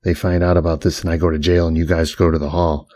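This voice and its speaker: Picture a middle-aged driver laying out threats in a calm, matter-of-fact way, voiced by a man reading an audiobook. The voice sits very low and barely moves in pitch. The recording is close and dry. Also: quick pace, dry recording, close to an everyday voice. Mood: cool, menacing. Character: middle-aged male getaway driver, coaxing and menacing. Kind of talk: audiobook character voice.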